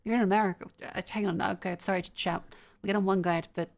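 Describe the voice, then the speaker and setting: A young Australian woman streaming, chatting casually and reading her chat aloud with quick restarts. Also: mid-range voice, steady tone, creaky. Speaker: vtuber streamer.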